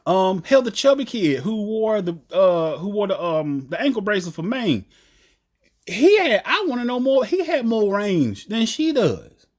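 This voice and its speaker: A man from the American South with a Southern accent, giving a blunt, animated opinion rant about a TV show. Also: high voice, a little slow. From Southern United States. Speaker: TV commentator.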